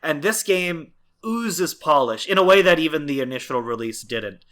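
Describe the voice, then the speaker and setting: A man's voice: a little high, animated, moderate pace, a bit bright. A man co-hosting a podcast, talking casually and at length with many fillers and restarts. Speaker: podcast co-host. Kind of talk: casual chat.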